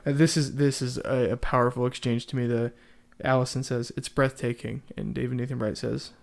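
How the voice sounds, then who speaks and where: A man's voice: mid-range voice, level tone, a little fast, gravelly. Male co-host, mid-range voice, conversational, quotes dialogue from the play. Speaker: podcast co-host. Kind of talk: casual discussion of a play.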